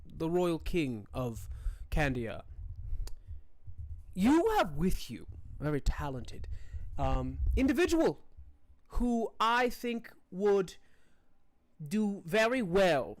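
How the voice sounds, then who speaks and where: A game master voicing a smooth-talking male noble courtier who flatters and stumbles over his words. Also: medium pitch. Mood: courtly. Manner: halting, full of restarts and fillers.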